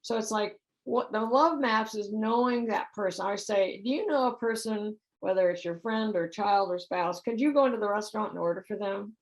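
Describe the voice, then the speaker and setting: A woman's voice: medium pitch, normal speed, few pauses, poor audio. A middle-aged woman giving a conversational talk about relationships, often putting questions to her audience. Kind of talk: spiritual center talk.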